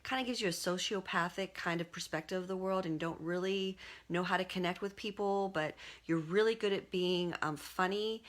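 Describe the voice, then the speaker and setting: A woman with a slightly low-pitched voice, talking straight to her viewers on a live stream. She rambles casually, full of "like" and "um", restarting her sentences as she goes. It sounds like a phone or webcam mic. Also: a bit bright. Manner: rambling, conversational, many fillers and restarts. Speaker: artist and livestream host.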